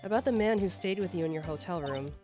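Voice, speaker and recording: A woman's voice: on the low side, lively intonation, quick pace, over music, natural voice. A woman reading an earnest young male lawyer.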